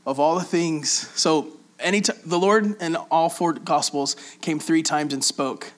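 A man preaching in a relaxed, conversational way, reading scripture aloud and explaining it with frequent pauses and fillers. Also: fairly high pitch. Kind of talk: casual Bible teaching.

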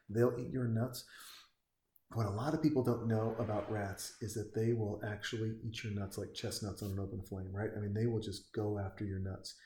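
A man's voice: fairly low pitch, warm tone. A man in his forties from Montana, giving casual, profane, rambling commentary while watching a movie. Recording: echoey room.

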